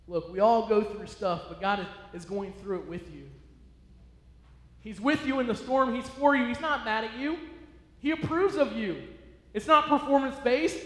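A man's voice: extremely high pitch, normal speed, a bit bright. A male pastor preaching a sermon in a church, emphatic and repetitive, encouraging his listeners. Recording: echoey hall.

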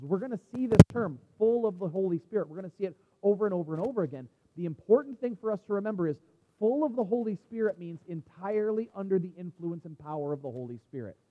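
A man preaching a sermon as a pastor, in a conversational way with frequent restarts and asides. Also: high-pitched. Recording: dull sound with long hall reverb.

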